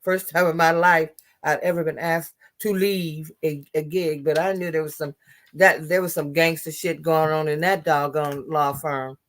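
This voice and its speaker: A woman's voice: low-pitched, fairly even intonation, normal speed. A woman giving impassioned political commentary, blunt and profane, often restarting her sentences.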